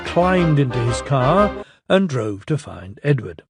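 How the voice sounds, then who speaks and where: A man narrating a children's railway story in an expressive, gently paced storytelling manner. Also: mid-range voice, slow pace, over music.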